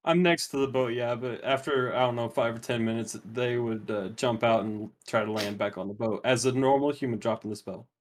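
A man's voice: mid-range voice, steady tone, brisk, hardly any pauses. A man playing a tabletop game, hesitant and full of fillers. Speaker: player.

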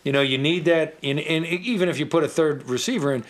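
A man's voice: fairly high pitch, a little fast. Blunt, profane man in casual sports talk.

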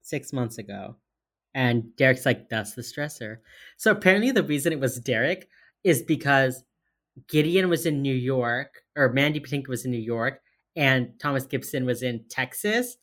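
A woman co-hosting a podcast, casually recapping a TV episode, swearing freely and retelling scenes in quick quoted bits. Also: rumbling low, expressive. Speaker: podcast co-host.

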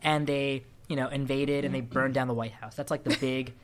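A man hosting a casual podcast chat, an animated storyteller who often breaks into laughter. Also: mid-range voice, normal speed, background noise. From Sri Lankan family. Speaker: podcast host.

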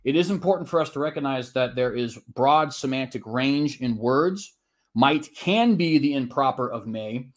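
A man's voice: mid-range voice, expressive, normal speed. Earnest man arguing a formal debate. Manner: earnest, argumentative, quotes scripture at length; frequent tag questions and "uh" restarts.

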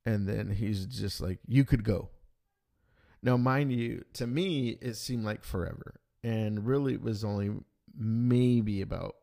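A man casually retelling a tense travel story in a rambling, animated way, acting out the dialogue. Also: fairly low pitch, unhurried, vocal fry, hardly any pauses.

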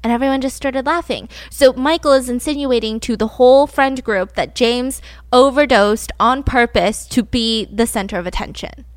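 A woman hosting a podcast, telling a true-crime story in a casual, animated way and laughing as she goes. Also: on the high side, normal speed, hardly any pauses, dry recording. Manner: animated, laughs while telling, acts out quotes. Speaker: podcast host.

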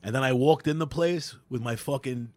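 A man's voice: mid-range voice, normal speed, dry recording. A man co-hosting a comedy podcast, telling crude, profane stories in casual banter and slipping into brief tough-guy voices. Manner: profane storyteller, puts on shouty tough-guy voices in anecdotes.

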